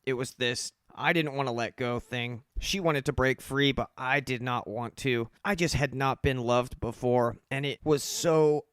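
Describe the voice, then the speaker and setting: A man's voice: medium pitch, measured pace, few pauses, a bit bright, smooth, dry recording. Candid, profane man telling his story. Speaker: storyteller recounting his addiction. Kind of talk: casual personal storytelling.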